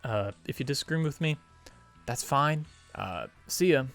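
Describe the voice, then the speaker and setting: A man's voice: mid-range voice, lively intonation, measured pace, fairly bright tone, faint music behind. Sarcastic rambling movie-review guy. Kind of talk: casual video review.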